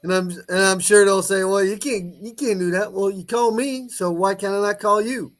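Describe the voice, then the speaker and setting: A man's voice: sits high, normal speed. A man in casual livestream chat, joking in a laid-back way.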